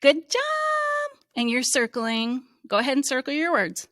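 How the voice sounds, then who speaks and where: A woman who teaches reading, giving a slow, encouraging phonics lesson to young children and sounding out letters. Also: fairly high pitch, a bit bright, no room sound, studio quality.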